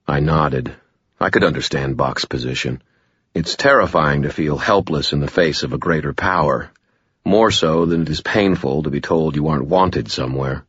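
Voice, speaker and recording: A man reads a novel aloud in the first person, with a dry, wry delivery. His voice is extremely deep and husky. The recording is close and dead, with a dull, lo-fi sound. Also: normal speed, a bit bright, dry recording. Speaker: audiobook narrator. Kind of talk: first-person scripted narration.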